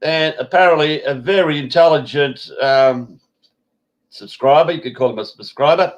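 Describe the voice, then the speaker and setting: A man's voice: on the high side, normal speed, lo-fi sound. A man hosting a live-stream chat, rambling and swearing casually. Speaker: host.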